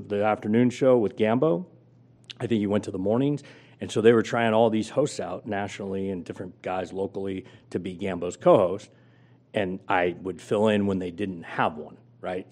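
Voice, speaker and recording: This guest, a middle-aged former sports radio host, has a fairly low, darkish voice. He's telling a story from his career during an interview, acting out quoted lines with large jumps in pitch.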